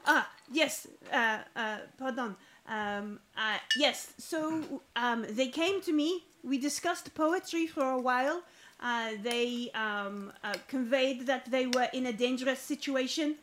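A woman's voice: high voice, fairly bright tone, slight background noise. Woman putting on a pompous French-accented man. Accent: put-on French. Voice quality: pompous, florid and slow. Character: pompous male zealot poet with a light whip.

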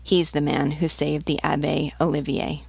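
Dutiful peasant lieutenant in an audiobook, read by a woman, low gravelly voice. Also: little pitch movement, moderate pace, a little mellow, no echo, full character voice. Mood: earnest. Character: loyal eager male peasant rebel leader.

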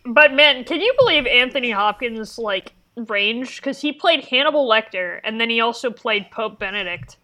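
A woman's voice: on the high side, animated, normal speed, few pauses, pushed and bright. A woman co-hosting a podcast, sharing eager opinions in casual chat. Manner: chatty, enthusiastic opinions. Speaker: podcast co-host.

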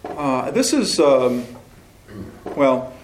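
A man with a mid-range, sing-song voice and drawn-out words leads a choral workshop session, explaining things, asking questions, and occasionally singing a short phrase to demonstrate. The recording is from an echoey room, with slight background noise.

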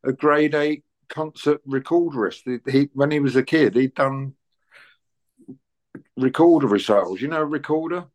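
An older man in his sixties, a musician telling stories in a relaxed interview and acting out the dialogue. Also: a little high, moderate pace. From England. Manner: chatty, anecdotal, plays out dialogue in quoted voices. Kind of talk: relaxed conversational storytelling.

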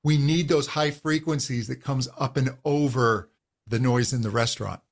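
A middle-aged man, a vocal coach, explaining voice and breathing in a calm, instructive way during an interview. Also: mid-range voice, normal speed. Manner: calm, instructive, uses physical demonstrations of voice.

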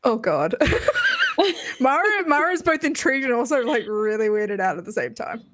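A woman at mid pitch who talks with lively, wide-ranging inflection as a tabletop game player. She reacts openly and expressively to what happens around her. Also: a little fast, no room sound. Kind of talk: casual tabletop game chat.

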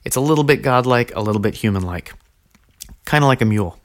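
A man hosting a teaching podcast, speaking in a measured, earnest way and slowing down to stress key phrases. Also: medium pitch, expressive. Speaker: podcast host teaching on early Christianity.

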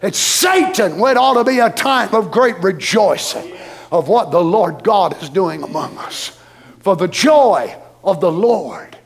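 Man, very high voice, pastor preaching a sermon, emphatic repetition, bursts of shouting. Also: animated, unhurried, creaky.

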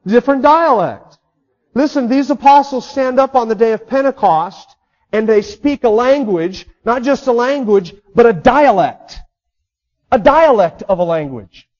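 A man's voice: extremely high pitch, expressive, measured pace, a little mellow, dull audio. A man preaching a sermon in an emphatic way, repeating key words for stress. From United States. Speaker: pastor.

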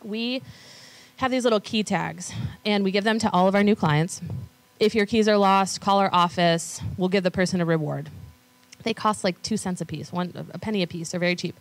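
A woman speaking at a conference, chatting with the audience and telling stories with lively quoted voices. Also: mid-range voice, moderate pace. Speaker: conference speaker on law firm marketing. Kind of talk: conference talk with audience questions. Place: conference room.

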